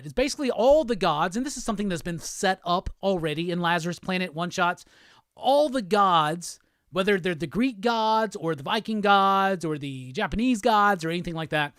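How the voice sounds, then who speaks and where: A middle-aged man hosting a casual live stream, excitedly rapping along to old songs and swearing as he chats. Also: high-pitched, no echo, studio quality. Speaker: host.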